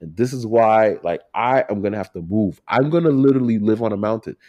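A man co-hosting a casual talk, animated and emphatic, swinging from loud to quiet. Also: on the low side, brisk, dry recording, lo-fi sound. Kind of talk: casual chat.

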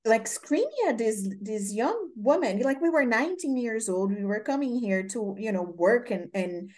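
A woman's voice: on the high side, animated, normal speed, darkish tone. A woman from Brazil with a Brazilian accent, hosting an interview and telling rambling stories full of fillers. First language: Portuguese. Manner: rambling storytelling with many fillers. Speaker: host. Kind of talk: casual interview chat.

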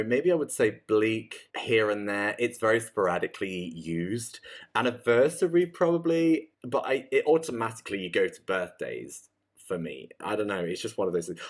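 An English man with an accent mixing northern and southern England, chatting casually as a podcast co-host. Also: on the low side. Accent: English, mix of northern and southern. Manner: chatty, laughing, swearing casually. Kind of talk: casual chat.

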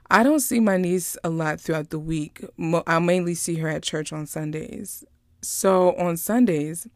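A woman casually recapping a movie, chatty and animated, drifting into personal stories. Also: deep voice, no echo, clean studio sound. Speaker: vlogger reviewing a movie.

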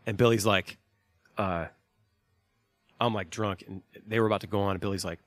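A laid-back man in his thirties rambles through road advice with plenty of swearing. His voice sits on the low side. The sound is dry and close. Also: fairly even intonation, normal speed, dry recording. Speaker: touring band musician. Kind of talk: casual advice talk.

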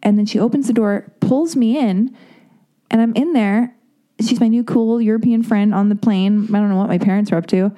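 A woman's voice: a little high, moderate pace, mellow. Rambling, candid woman podcast host. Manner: candid, rambling, self-deprecating. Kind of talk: casual podcast chat.

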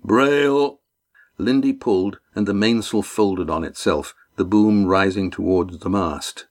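Man reading a story, low voice. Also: a little slow, a little mellow. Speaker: narrator. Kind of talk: audiobook narration.

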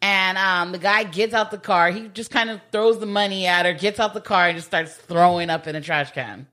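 A woman's voice: on the low side, moderate pace, sharp tone. A woman casually retelling a film's plot with a co-host, leaning on fillers like "like" and "you know". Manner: chatty, filler-heavy retelling with laughs. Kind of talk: casual movie recap chat.

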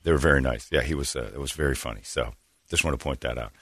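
A man's voice: very deep voice, quick pace, no room sound, clean studio sound. A man hosting a morning radio show, chatting casually and rambling through jokes and ads. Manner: rambling, joking, self-correcting.

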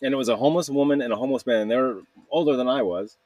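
A man's voice: mid-range voice, very fast, a little mellow, dry recording, dull audio. Rambling man in a dry room. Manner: rambling, candid, laughs at himself. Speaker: video blogger. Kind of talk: casual confessional monologue.

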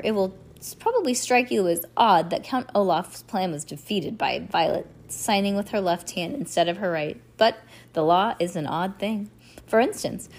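Woman reading a book out loud, plain delivery, trips and restarts a lot. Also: medium pitch, slightly rough. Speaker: reader. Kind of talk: reading a novel aloud.

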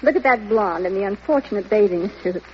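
A woman's voice: medium pitch, brisk, lightly acted. An actress playing a sassy, wisecracking young woman passenger in 1940s radio acting style, on a hissy old radio broadcast. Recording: dull old radio broadcast with clear hiss.

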